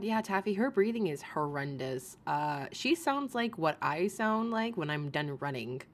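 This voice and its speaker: A woman hosting a casual commentary live stream, swearing freely, laughing often and reading viewers' comments aloud. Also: low voice. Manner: profane, laughing, reads chat aloud.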